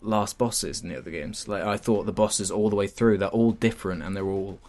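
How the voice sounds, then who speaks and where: A man's voice: lowish voice, brisk, darkish tone. A man chatting casually in a game review, hesitant with many fillers and restarts.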